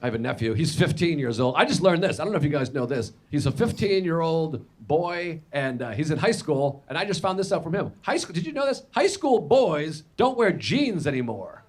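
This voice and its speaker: A man performs a stand-up routine, telling exaggerated stories sardonically in a slightly high voice with big pitch swings. He's brisk with few pauses, and the noisy clip is being played back in a reaction video.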